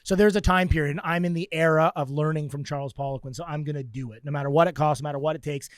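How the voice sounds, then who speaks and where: A man telling training stories in a casual podcast chat, animated and acting out quotes. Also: on the high side, rapid-fire, smooth, no echo, clean studio sound. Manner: animated storyteller, acts out quotes.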